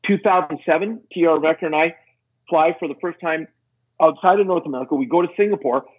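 A man's voice: quick pace, husky. A middle-aged man telling a story as a podcast guest, acting out the voices of the people in it. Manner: acts out quoted voices, lively pitch jumps. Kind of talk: animated storytelling. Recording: tinny phone-like line.

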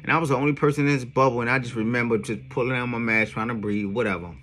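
Rapid-fire and mid-range, this songwriter vlogger tells his own story casually, throwing in street slang, lots of "yo," swearing, and emphatic asides. His retelling is animated and emphatic, with a little hiss or hum in the audio.

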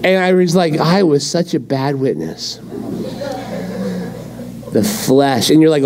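Animated high-voiced male pastor preaching. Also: slow, pauses often, noisy background. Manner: animated storytelling with acted-out quotes. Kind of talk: sermon. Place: church.

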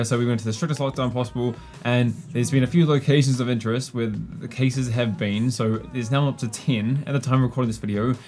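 A man's voice: medium pitch, a little mellow. A man giving casual, chatty gameplay commentary while slightly losing his voice. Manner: chatty, laid-back, rambling. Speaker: gaming YouTuber.

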